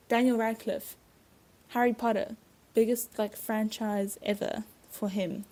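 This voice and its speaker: Woman rambling on her podcast, medium pitch, chatty, laughs here and there. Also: dark tone. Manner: chatty and reflective, with frequent asides and laughs. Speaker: podcast host and stage performer. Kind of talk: casual podcast monologue.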